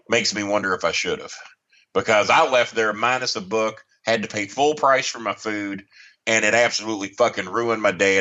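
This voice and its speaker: Man, podcast guest, heated profane storytelling, bright tone, muffled lo-fi recording. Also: fairly low pitch. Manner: heated, swearing, ranting.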